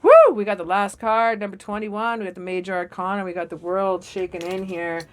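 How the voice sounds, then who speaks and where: A woman giving a storytelling tarot reading in an excitable, dramatic and profane way. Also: medium pitch, brisk. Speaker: tarot reader.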